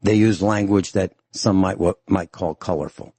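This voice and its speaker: A man's voice: sits low, steady tone, normal speed, mellow, breathy edge, no room sound. A man hosting a radio talk show from a studio mic, lecturing sternly and emphatically and repeating his points.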